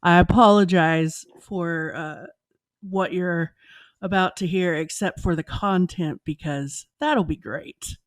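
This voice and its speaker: A woman's voice: lowish voice, slow pace, dry recording, clean studio sound. A woman co-hosting a podcast in casual chat, sounding sick, playful and enthusiastic. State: sick, lowered voice. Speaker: podcast co-host.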